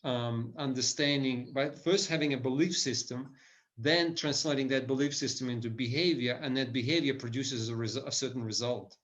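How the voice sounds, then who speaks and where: Male business speaker, mid-range pitch, eager and rambling lecture delivery, slightly muffled recording. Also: normal speed, a bit bright. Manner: enthusiastic, frequent restarts and "right?" tags.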